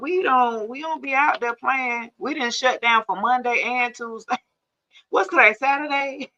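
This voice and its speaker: A tarot reader from Georgia, USA, chats casually with viewers on her livestream in a fairly high, sharp voice, the recording muffled. She's talkative, laughs a lot and welcomes people by name.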